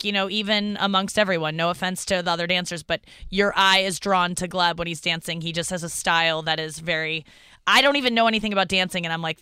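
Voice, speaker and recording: A woman's voice: on the high side, pushed and bright, clean tone, dry recording, studio quality. A woman hosting a podcast in casual chat, rambling and self-deprecating with many fillers and restarts. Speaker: podcast host.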